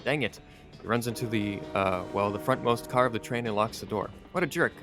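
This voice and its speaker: A man's voice: lowish voice, fairly even intonation, a little fast, music in the background. Wry male game streamer. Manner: wry, rambling asides. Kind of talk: let's play commentary reading game text.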